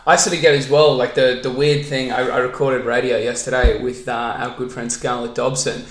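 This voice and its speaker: A man's voice: mid-range voice, flat delivery, fairly quick, a bit bright. A man hosting a casual podcast interview, easygoing and laughing as he prompts his guest with questions. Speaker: podcast host. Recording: roomy echoey room.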